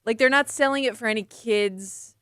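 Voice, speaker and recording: A woman's voice: a little high, moderate pace, a bit bright, smooth, no room sound. A woman co-hosting a radio talk show, chatting conversationally in a studio. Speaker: radio co-host. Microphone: studio microphone.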